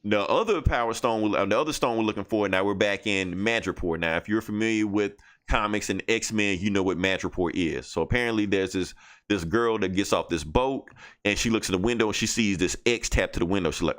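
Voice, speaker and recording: A man's voice: on the low side, brisk, a bit bright. A man hosting a podcast, casually recapping a comic book in a profane, rambling way, laughing and briefly acting out the characters. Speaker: podcast host reviewing comics.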